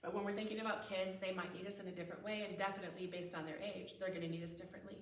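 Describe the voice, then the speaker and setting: Her voice is on the low side and steady in tone, delivered very fast. At a parenting conference in a church hall, this speaker talks conversationally, frequently acting out example phrases and laughing, recorded in an echoey room from a distant mic.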